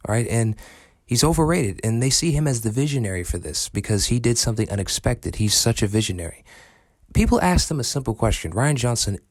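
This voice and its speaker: A man's voice: mid-range voice, a little mellow, dry recording. A man ranting in an angry, profane and sarcastic way in a commentary video. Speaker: film commentary vlogger.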